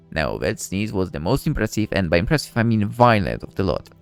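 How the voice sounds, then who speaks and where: A man's voice: deep voice, a little fast, gravelly, few pauses, smooth, dry recording, faint music behind. A man reading a visual novel aloud as the male lead, narrating wryly with joking asides. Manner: wry, lively narration with asides. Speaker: game let's-play narrator.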